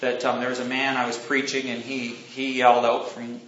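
A man's voice: mid-range voice, monotone, normal speed, a bit bright, slight background noise. A man preaching a sermon, rambling and correcting himself as he tells stories and asks the congregation questions. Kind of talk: sermon with anecdotes. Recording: roomy, dull lo-fi recording.

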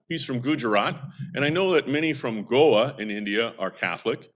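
A man in a casual ministry update, telling stories that wander and restart as he goes. His voice sits at an ordinary middle pitch. The recording is a little dull and lo-fi. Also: expressive, fairly quick, a bit bright. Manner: rambling anecdotal storytelling with restarts. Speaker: seamen's mission worker.

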